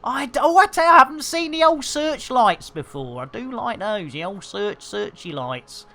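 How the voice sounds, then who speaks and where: Cheeky man with lively, bright chatter. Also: extremely high pitch, normal speed, vocal fry, a little hiss or hum. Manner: bawdy, theatrical, rambling banter. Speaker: game streamer. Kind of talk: cheeky live-stream chat.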